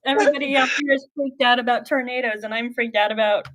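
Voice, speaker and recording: A woman chatting on a livestream in short, easygoing replies. Her voice is fairly high and the sound is dry and close. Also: fairly even intonation, quick pace, fairly bright tone, no room sound, low-quality recording. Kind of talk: casual livestream chat.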